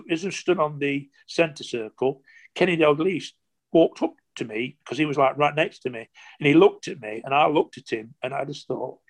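A man in his sixties, a former footballer, telling stories casually in an interview, animated and rambling with lots of "you know" and restarts. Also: mid-range voice. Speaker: former professional footballer, guest.

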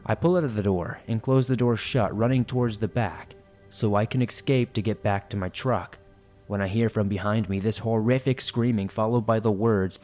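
A man's voice: lowish voice, moderate pace, darkish tone, soft background music. A man reading listener horror stories aloud in a suspenseful storytelling manner.

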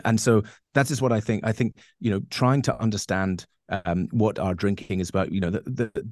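A man's voice: lowish voice, darkish tone, no echo, studio quality. A man answering interview questions as a coach, emphatic and rambling, with many fillers and restarts. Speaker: guest coach.

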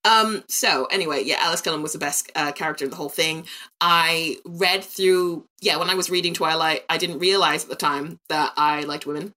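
A young woman talks in a loose, rambling way over a video call. Her voice is bright and forceful and sits a little low. She chats casually and laughs often. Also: fairly even intonation, brisk. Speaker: podcast co-host. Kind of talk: casual chat.

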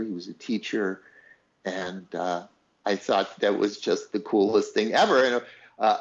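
A songwriter guest tells an interviewer a personal story with lively storytelling, acting out quoted voices and laughing. He has a fairly low pitch, and the audio is dull.

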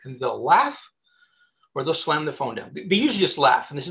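Animated, chatty man giving career advice. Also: high voice, fairly quick. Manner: animated, chatty, many restarts and repeated words. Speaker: headhunter giving job-search advice. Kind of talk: casual advice interview.

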